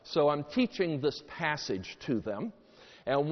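A man's voice: mid-range voice, a little slow, big-room sound, highs cut off. A man preaching a sermon as a priest, telling stories with dramatic emphasis and folksy jokes and asides to the congregation. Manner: animated storytelling with dramatic emphasis. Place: church.

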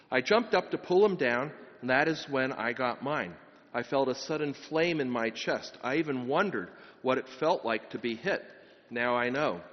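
A priest giving an earnest sermon, with a story read aloud partway through. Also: male voice, fairly high pitch, big-room sound, highs cut off. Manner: earnest preaching, rising emphatic lines.

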